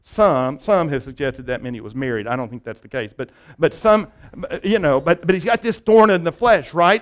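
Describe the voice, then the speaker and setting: A man's voice: on the high side, animated, moderate pace. A male pastor preaching a conversational sermon, often restarting phrases and checking in with "right?".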